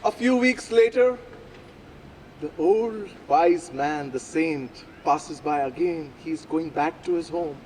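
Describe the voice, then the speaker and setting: A man telling a folk story aloud at a live event, with slow, deliberate phrasing and dramatic pauses. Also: on the high side, darkish tone, a little hiss or hum, rough recording. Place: outdoor public plaza.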